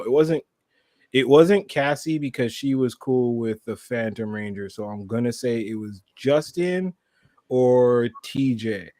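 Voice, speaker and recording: A man's voice: mid-range voice, dark tone, no echo, studio quality. A Canadian man co-hosting a toy podcast, chatting casually in a laid-back, rambling way and laughing easily. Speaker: podcast co-host. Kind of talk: casual chat.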